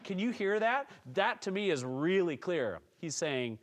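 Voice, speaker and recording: A man giving a calm, encouraging music lesson, explaining percussion technique step by step to students. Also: sits high, a little slow, hardly any pauses, a little hiss or hum. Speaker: music teacher. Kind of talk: instructional tutorial.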